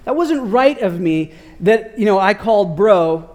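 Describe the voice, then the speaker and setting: Male preacher, high voice, loose and animated, slangy storytelling from the pulpit. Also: unhurried. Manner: animated, slangy, many "like" fillers. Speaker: pastor. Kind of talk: casual storytelling sermon.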